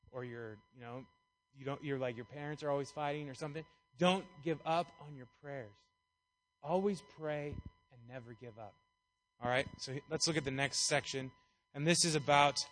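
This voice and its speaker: A man gives an easygoing, playful sermon, joking as he explains scripture. His voice is bright and forceful, pitched a little above most men's, and he talks in a loose, chatty way. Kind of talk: casual sermon.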